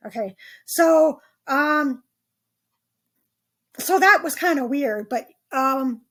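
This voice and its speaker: Slowly and expressively, a woman with a high, somewhat bright voice hosts a podcast, loosely going over her dream journal. She isn't 27, and her casual talk is filled with ums and false starts.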